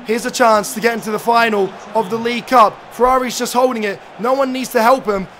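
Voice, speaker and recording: Hoarse, high-voiced gamer shouting. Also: male voice, a little fast, a little hiss or hum. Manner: excitable, swearing, bursts into shouts. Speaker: gaming YouTuber. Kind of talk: live gameplay commentary.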